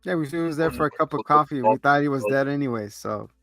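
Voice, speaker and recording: Casual male co-host, animated recap style, dry close mic with faint music under. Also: a little high, dry recording. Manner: animated, acts out characters' lines in quick bursts. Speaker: podcast co-host.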